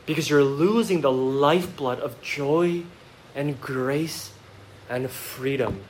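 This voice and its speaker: The audio is poor, with slight background noise, as a man with a mid-range voice gives a slow sermon in a church sanctuary. He engages the congregation directly with rhetorical questions, going from quiet, reflective asides to emphatic eruptions.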